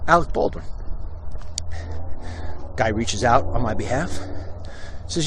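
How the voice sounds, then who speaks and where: A man's voice: mid-range voice, big pitch swings, moderate pace, long pauses, a little hiss or hum. A man from Long Island, hosting a walk-and-talk vlog and telling stories bluntly with acted-out quotes. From Long Island, New York. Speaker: host. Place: outdoors, walking.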